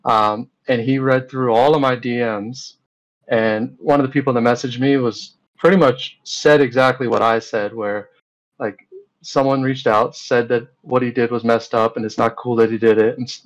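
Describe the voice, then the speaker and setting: A man of ordinary pitch talks loosely as an interview guest, padding his story with fillers and retelling back-and-forth dialogue. The audio is a little dull, with the top end rolled off. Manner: rambling, with many fillers and retold dialogue.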